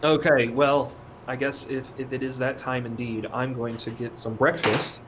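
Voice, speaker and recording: A man's voice: medium pitch, level tone, normal speed. A man co-hosting a casual livestream chat, rambling through a story and swearing freely. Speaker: co-host. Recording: noisy background.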